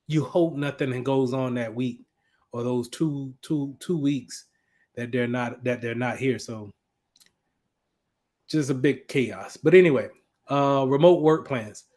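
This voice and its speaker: Man, IT instructor, casual classroom lecture, mid-pitched voice, halting and conversational. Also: a little mellow. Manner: conversational, many fillers and restarts.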